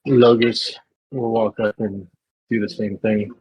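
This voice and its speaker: Nervous husky-voiced player. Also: male voice, on the low side, little pitch movement, unhurried, muffled recording. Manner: nervous, says "like" often. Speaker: tabletop game player. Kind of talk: casual game chat.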